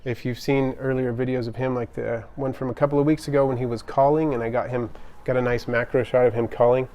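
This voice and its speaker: A man's voice: medium pitch, little pitch movement, quick pace, muffled recording. Chatty man hosting a pet livestream. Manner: chatty, upbeat, frequent ums and restarts. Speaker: livestream host. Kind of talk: casual live-stream chat, reading comments. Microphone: camera on tripod.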